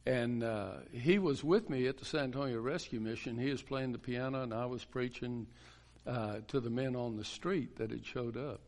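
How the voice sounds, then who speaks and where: A man's voice: medium pitch, moderate pace, darkish tone. A man, a pastor, telling a story in a sermon in a folksy way, chuckling and restarting his sentences.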